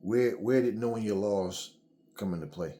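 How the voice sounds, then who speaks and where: A man's voice: fairly low pitch, moderate pace, warm tone. A middle-aged man giving heated solo commentary, blunt and swearing freely as he vents. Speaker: channel host.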